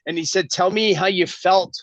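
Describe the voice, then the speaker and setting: A man's voice: high-pitched, steady tone, moderate pace, no echo. A middle-aged man from Canada, a guest telling a long story in a casual interview and acting out the dialogue. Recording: dull lo-fi audio.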